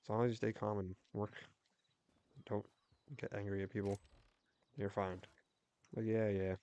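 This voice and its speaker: A young man chatting casually while livestreaming a game, telling a rambling story with quick restarts. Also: on the low side, level tone, mellow, dry recording. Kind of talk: casual chat while gaming.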